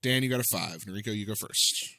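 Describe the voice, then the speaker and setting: Bright-voiced man hosting a podcast. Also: on the low side, fast, a little hiss or hum. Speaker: podcast host running the game. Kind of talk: casual chat.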